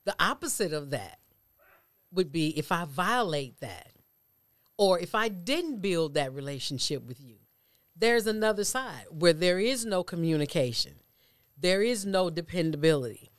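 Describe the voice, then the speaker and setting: A man's voice: fairly high pitch, sing-song, a little slow, fairly bright tone, dry recording. A man co-hosting a casual faith discussion, building his points with preacherly repetition. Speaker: church podcast co-host.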